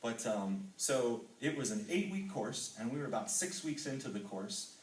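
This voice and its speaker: A middle-aged man from Texas, speaking in a mid-range voice, is animated as he reads scripture and then shares his own story with a men's ministry group. He's earnest, moves at a moderate pace, and uses a lot of ums. The sound comes from a distant mic in a roomy hall, with slight background noise.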